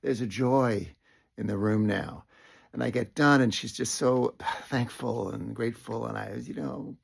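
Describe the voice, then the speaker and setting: Man, middle-aged, gravelly, husky, reflective storytelling, frequent restarts, soft whispered asides. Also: medium pitch, a little slow. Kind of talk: personal storytelling monologue.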